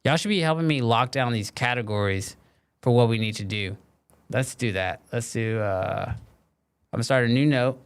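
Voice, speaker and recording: Smooth-voiced man hosting a casual live stream. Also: mid-range voice, moderate pace. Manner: relaxed and conversational, many fillers like "um" and "like". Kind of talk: casual live-stream chat answering viewers.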